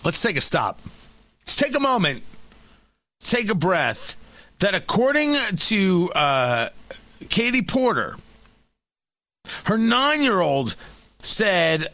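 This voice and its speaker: Talk radio guy ranting, high lively voice, bright and dry, sarcastic. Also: slow, long pauses, no echo. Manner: emphatic, opinionated, sarcastic.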